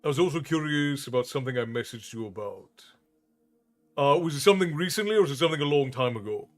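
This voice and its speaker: A man's voice: mid-range voice, expressive, fast talker. Man from Ireland hosting a livestream. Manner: friendly, rambling, greets viewers by name. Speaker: livestream host and storyteller. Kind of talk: casual chat with stream viewers.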